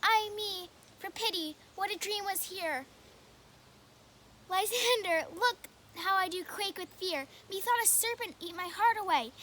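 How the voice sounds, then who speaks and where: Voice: extremely high pitch, bright, forceful tone, slight background noise, full character voice. A young actress playing a frightened young woman waking from a nightmare, calling out urgently at an outdoor youth stage performance.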